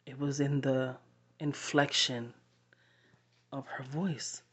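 A woman sharing a personal story to camera, halting and heartfelt, with long pauses. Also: a bass voice, fairly even intonation, breathy edge.

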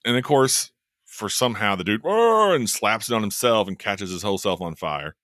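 A man co-hosting a casual chat, talking in a joking, wry way with quick asides. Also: on the low side, fairly bright tone, no room sound, studio quality. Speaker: podcast co-host.

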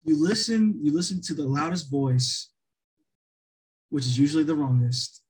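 Husky guy rambling on a podcast, lots of "like", restarts. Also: on the high side, animated, moderate pace, darkish tone, rough recording. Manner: rambling, many restarts and fillers. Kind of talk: casual chat.

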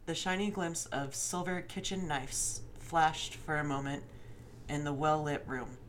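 A woman's voice: low-pitched, steady tone, a little slow, slight background noise. A woman reading a fan story aloud, with joking asides between passages. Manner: reads aloud steadily, slipping into laughter and swearing at the text.

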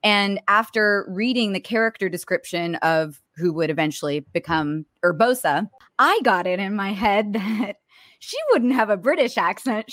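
A woman's voice: medium pitch, a bit bright, dry recording, clean studio sound. A female voice actress on a panel, telling a story playfully with frequent laughs. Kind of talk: casual anecdote telling.

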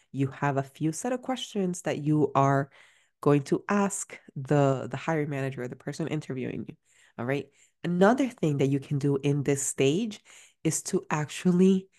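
A woman's voice: low-pitched, darkish tone. A woman hosting a career-coaching podcast in a chatty, casual way, full of fillers and restarts. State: out of breath at times.

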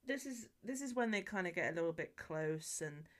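A woman's voice: fairly low pitch, moderate pace. A woman co-hosting a podcast, casually retelling a film plot with swearing and frequent laughter. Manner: animated storytelling, swears, laughs often. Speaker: podcast co-host. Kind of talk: casual chat.

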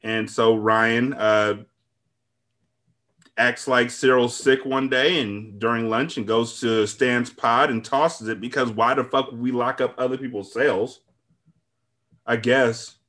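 A man hosting a podcast, recapping an episode in a casual, profane, storytelling way with quick asides. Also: mid-range voice, fairly even intonation, a bit bright. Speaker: podcast host.

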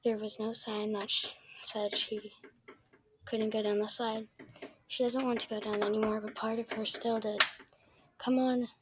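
A woman's voice: medium pitch, flat delivery, normal speed, noisy background. A woman reading a children's story aloud in a plain way, with small slips and restarts. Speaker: reader.

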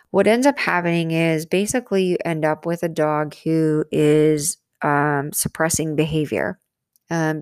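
Lower-voiced woman explaining dog training. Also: no echo, studio quality. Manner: conversational, many fillers and restarts, explains with analogies. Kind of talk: casual instructional talk.

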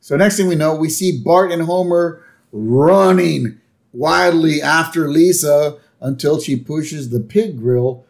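A man co-hosting a podcast, chatting casually and acting out cartoon lines in quick voices. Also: on the high side, gravelly. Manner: animated, acts out character lines in quick voices. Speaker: podcast co-host. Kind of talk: casual chat recapping a cartoon episode.

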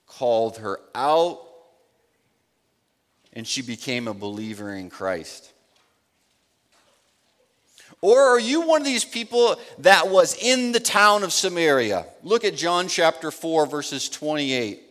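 A man preaching a sermon, asking his listeners rhetorical questions and speaking in slow, emphatic phrases. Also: fairly high pitch, fairly bright tone. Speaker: pastor. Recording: long reverb of a large hall.

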